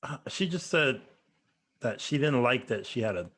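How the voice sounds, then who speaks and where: A man's voice: mid-range voice, expressive, moderate pace, fairly bright tone. A man co-hosting a podcast, talking casually in a blunt way and swearing freely. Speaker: podcast co-host. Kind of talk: casual chat.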